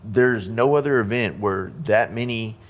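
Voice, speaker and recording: Laid-back low-voiced man hosting a podcast. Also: a little slow. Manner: relaxed, loose talk full of "like" and "you know". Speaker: podcast host. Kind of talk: casual interview chat.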